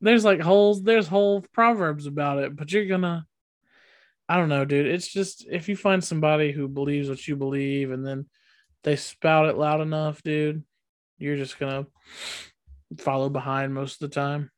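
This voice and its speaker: Slangy male co-host, higher voice, dry close sound. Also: steady tone, moderate pace, no echo. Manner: slangy, says "bro" and "dude". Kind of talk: casual chat.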